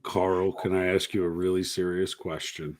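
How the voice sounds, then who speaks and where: A slightly low-pitched man hosts a loose podcast chat, cursing often as he spins stories. He teases his guests in a blunt, unfiltered way. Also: flat delivery, normal speed, a little mellow. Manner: blunt, swears freely, teasing. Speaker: podcast host. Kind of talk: casual chat, profane storytelling.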